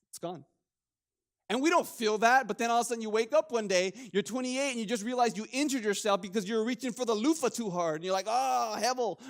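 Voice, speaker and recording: A young man preaching a casual sermon, joking with the congregation and restarting his sentences often. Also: high voice. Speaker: pastor.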